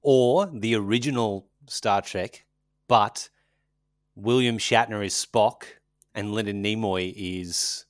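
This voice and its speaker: A man's voice: on the low side, slow, no echo, clean studio sound. A man chatting casually as a podcast co-host, rambling and joking, often trailing off mid-sentence. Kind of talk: casual chat.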